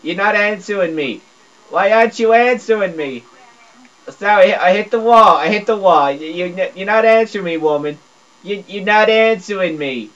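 A man's voice: moderate pace, a bit bright. A man doing comedic gameplay commentary, stammering and repeating words in dopey broken grammar, dropping to a mumble and then jumping up to a squeal. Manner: swings between mumbling low and squealing high. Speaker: gameplay video creator. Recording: dull lo-fi recording.

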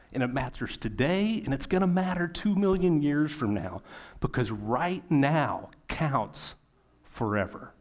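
A man, a pastor, preaching a sermon in a conversational way, with rhetorical questions and emphatic pauses. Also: medium pitch.

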